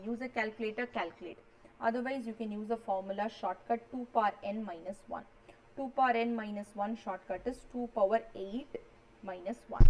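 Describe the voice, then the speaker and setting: A woman's voice: a little high, slight background noise, rough recording. A woman, teaching a maths revision lecture and walking students through each step, often checking they follow. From India.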